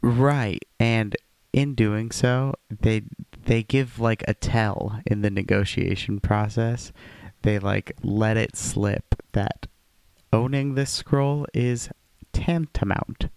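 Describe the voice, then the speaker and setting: Gravelly low-voiced man, joking around. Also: steady tone, slow pace, darkish tone, dry recording. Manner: rambling, jokey, playful wordplay. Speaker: podcast co-host. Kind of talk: casual chat.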